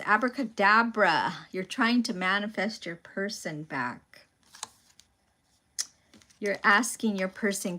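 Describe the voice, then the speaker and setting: A woman giving a tarot reading, musing aloud in a slow, pausing way about what she senses. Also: mid-range voice, a bit bright. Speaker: tarot reader.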